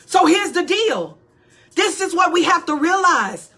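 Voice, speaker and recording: A woman pastor delivers a motivational talk in a preaching style. Her voice sits high and rings bright. She hammers phrases through repetition and calls out to listeners as she goes. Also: very animated, a little slow, soft background music. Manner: emphatic and repetitive, calling out to listeners.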